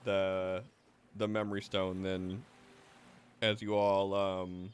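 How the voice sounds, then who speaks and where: A man runs a tabletop game, narrating slowly and hesitantly with frequent fillers. His voice sits a little low. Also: flat delivery, smooth. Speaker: game master.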